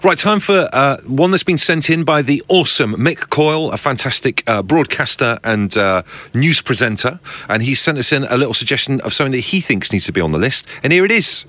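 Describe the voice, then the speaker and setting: A man co-hosting a podcast in loose, casual banter. His voice is bright and forward, and he rides it up and down with plenty of life. He teases his co-host with a cheeky edge. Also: medium pitch, animated, fairly quick, dry recording. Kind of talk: casual chat.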